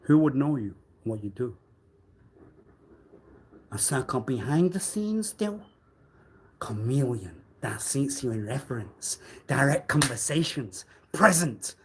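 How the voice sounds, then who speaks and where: A man on a live stream delivering a rambling, accusatory monologue, swinging between loud outbursts and low muttering. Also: lively intonation, slow, slight background noise. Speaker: livestreamer.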